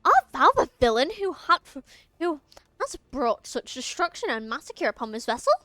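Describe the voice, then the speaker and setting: A woman voicing a haughty young male vampire prince who speaks in pompous, old-fashioned thee-and-thou phrasing, read slowly from a game. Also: high-pitched, very animated, bright, forceful tone, no echo, exaggerated voice.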